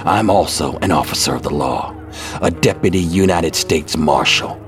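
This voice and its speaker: Male actor as a steely Western marshal in an audio drama, extremely low voice, clipped and unflappable, soft music underneath. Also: moderate pace, natural voice. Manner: calm, dry, curt. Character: stoic steely male frontier lawman.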